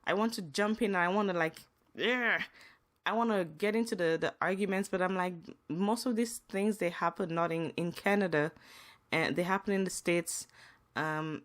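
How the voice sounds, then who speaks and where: Speaking at normal speed in a fairly low voice, a young woman podcast host tells personal stories casually and with feeling. Her earnest storytelling is marked by many restarts.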